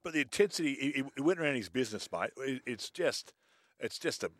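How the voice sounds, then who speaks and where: A man's voice: medium pitch, expressive, fast talker, no echo. An Australian man, a former player on a sports panel, talking in a casual chat and stumbling through many restarts.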